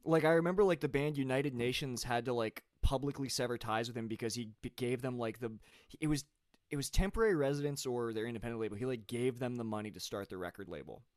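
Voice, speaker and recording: A man's voice: mid-range voice, quick pace, no echo, studio quality. A man guesting on a podcast over a video call, rambling with lots of "like.". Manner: rambling, many "like"s, laughs easily. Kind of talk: casual chat.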